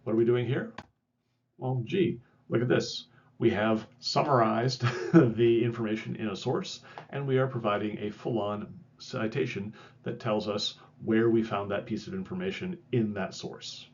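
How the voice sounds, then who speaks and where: A man's voice: lowish voice, a little slow, lo-fi sound, a little hiss or hum. A man giving a recorded lecture in a conversational way, correcting himself and adding wry asides. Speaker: instructor.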